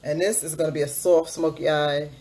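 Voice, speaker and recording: A woman's voice: low voice, steady tone, fairly quick, background noise. A woman vlogger chatting through a makeup tutorial, upbeat and repeating a hype catchphrase as she explains each step. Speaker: beauty vlogger.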